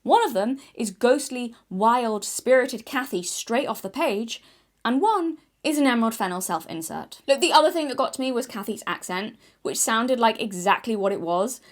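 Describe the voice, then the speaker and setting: A woman from Yorkshire with a mild English accent, giving an opinionated video essay in a blunt style with casual asides. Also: medium pitch. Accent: mild English, no strong Yorkshire accent. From Yorkshire, England. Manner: opinionated, blunt, sometimes swears.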